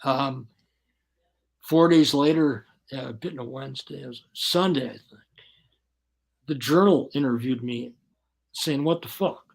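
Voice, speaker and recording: A man as an interview guest, telling his story bluntly and profanely in casual, animated talk. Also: medium pitch, unhurried, vocal fry, pauses often.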